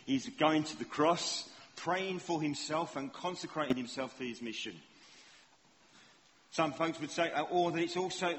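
Preacher in a reverberant hall. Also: male voice, fairly high pitch, a bit bright, slight background noise. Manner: conversational, self-deprecating, asks the congregation questions. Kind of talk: sermon. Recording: long hall reverb, faint ambience.

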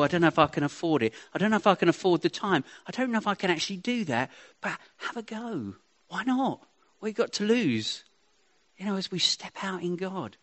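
A man giving an informal, chatty sermon to a congregation, rambling with self-deprecating asides. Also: fairly high pitch. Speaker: preacher.

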